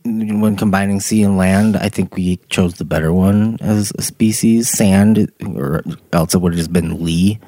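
A man co-hosting a podcast, making dry, deadpan quips in casual chat. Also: deep voice, unhurried, few pauses, no room sound. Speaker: podcast co-host.

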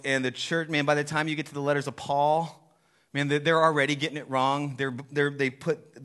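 A man's voice: fairly high pitch, bright, forceful tone. A man chatting casually and telling a personal story in a rambling, self-deprecating way.

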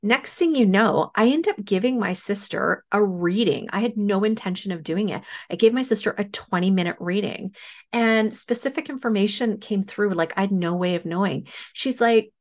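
Woman, podcast host, chatty personal storytelling, plays out the dialogue with energy, mid-range pitch. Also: moderate pace. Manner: animated retelling with acted-out dialogue. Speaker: podcast host and spiritual medium.

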